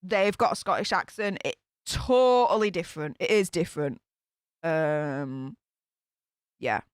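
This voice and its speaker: A woman's voice: on the low side, a little slow, clean tone, no echo, clean studio sound. A woman with a Yorkshire accent chatting casually with her live-stream viewers, rambling with lots of fillers and restarts. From Northern England. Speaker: YouTube commentator reading live chat.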